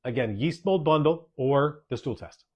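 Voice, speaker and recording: Male doctor-host, mid-pitched, chatty Q&A delivery, drives points home by repeating them. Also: moderate pace, a little mellow. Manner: emphatic, repeats key points, tags sentences with "okay?". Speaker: doctor hosting a podcast. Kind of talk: casual podcast Q&A, answering listener questions.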